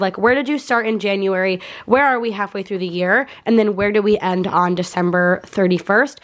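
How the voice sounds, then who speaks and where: A young woman vlogging to camera, talking in an earnest, heartfelt way with a frequent "like". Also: mid-range voice. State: tearful at moments. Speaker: YouTube vlogger. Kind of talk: casual talk to camera.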